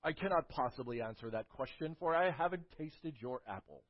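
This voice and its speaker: A man's voice: on the high side, lively intonation, fairly quick, pitched above the performer's own voice. A man voicing a learned scholar who answers in a formal, precise way, on a dull lo-fi recording.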